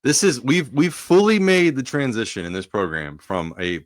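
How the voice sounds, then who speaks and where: A man's voice: medium pitch, sing-song, moderate pace, no echo, studio quality. A man co-hosting a casual sports podcast, a former player rambling with plenty of fillers.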